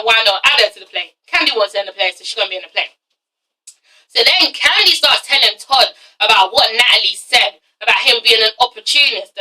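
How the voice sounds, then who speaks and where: A woman's voice: on the high side, bright, forceful tone, far from the mic, rough recording. A nineteen-year-old woman with an English accent ranting through a casual TV review, sassy and profane, often tacking "okay?" onto her points. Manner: sassy, swears a lot, keeps asking "okay?". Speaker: vlogger reviewing reality TV.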